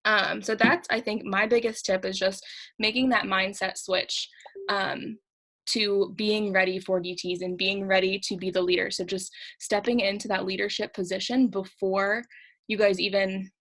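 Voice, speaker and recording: Young woman, team host on a video call, fast, chatty, breathless coaching talk. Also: medium pitch, steady tone, fairly bright tone, rough recording. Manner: fast-talking, chatty, upbeat.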